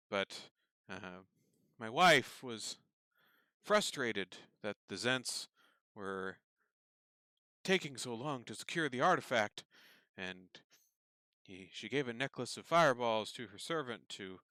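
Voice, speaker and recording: A man's voice: medium pitch, bright, forceful tone, dry recording, studio quality. A man voicing a cowering, nervous, well-dressed nobleman who stammers and pleads.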